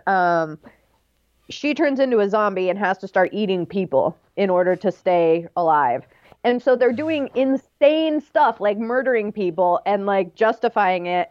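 A woman's voice: mid-range voice, no room sound, highs cut off. A woman co-hosting a podcast, telling a story in casual chat and acting out quoted lines.

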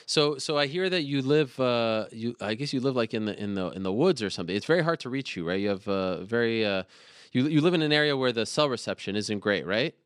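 Here the show host, a thirtysomething man, speaks earnestly to his guest and then runs through upcoming events. His mid-range voice is smooth, lively and fairly quick, with studio-quality audio and no room sound.

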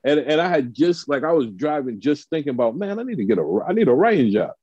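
A man's voice: a little high, very animated, quick pace, darkish tone, husky, no echo, lo-fi sound. A man, a comedian and TV writer, telling a story in casual chat and acting out the quotes of the people in it.

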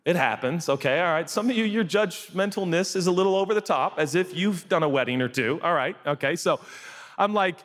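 A male pastor telling a funny wedding story in his sermon, jokey and animated, quizzing the crowd. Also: fairly high pitch, moderate pace. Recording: long hall reverb.

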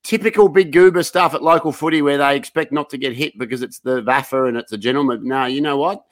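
A man's voice: mid-range voice, quick pace, dry recording. Aussie guy cohosting, blunt sweary banter, normal mid voice. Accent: Australian. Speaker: podcast co-host. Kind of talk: casual banter.

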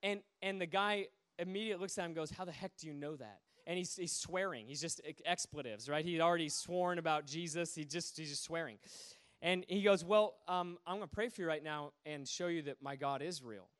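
A man preaching a sermon, telling stories with lively energy and acting out the voices of the people in them. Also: a little high, brisk, smooth. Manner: animated, acts out quoted voices. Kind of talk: sermon storytelling.

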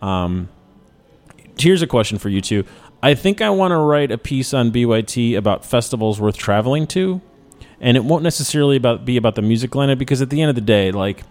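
A man's voice: mid-range voice, animated, a little fast, a little mellow. A man in his thirties from Chicago hosting a radio show in casual, joking, self-mocking chat. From Chicago, USA.

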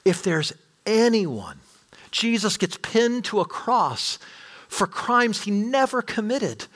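Animated, high-pitched man preaching. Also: takes it slowly. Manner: animated preaching with rising intensity and rhetorical questions. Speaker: pastor. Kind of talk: sermon.

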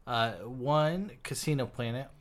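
Slow, blunt-talking man. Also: medium pitch. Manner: blunt, terse opinions. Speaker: podcast co-host. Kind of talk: casual chat.

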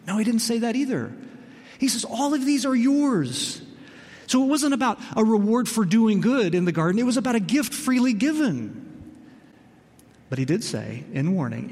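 A pastor preaching a sermon in an expressive, emphatic way, slowing down on key phrases. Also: male voice, high-pitched. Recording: long reverb in a large hall.

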